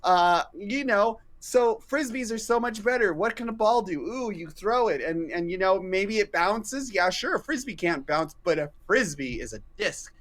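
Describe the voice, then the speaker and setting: A man's voice: sits high, animated, moderate pace, hardly any pauses, a bit bright. A man appearing as a guest on a live stream, making a playful, mock-serious case in casual chat.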